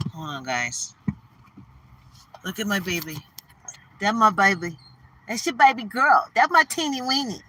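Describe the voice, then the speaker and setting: A woman's voice: medium pitch, background noise. Bubbly woman chatting on a livestream. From Detroit, Michigan, USA. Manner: bubbly, greets viewers by name, laughs often. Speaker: livestream tarot reader. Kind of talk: casual livestream chat.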